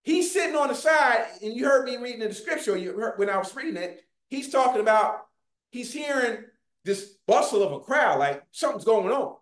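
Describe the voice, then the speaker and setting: A preacher delivering a fervent sermon, often shouting and calling out to the congregation, recorded in a church. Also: mid-range voice, sing-song, fairly quick. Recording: echoey room.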